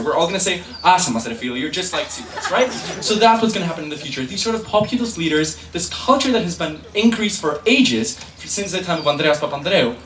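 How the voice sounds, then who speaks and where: A young man giving a competitive debate speech in a hall, quick and sarcastic, drawing laughs from the room. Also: a little high, fairly bright tone. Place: lecture hall. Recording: echoey hall, distant mic, faint room noise.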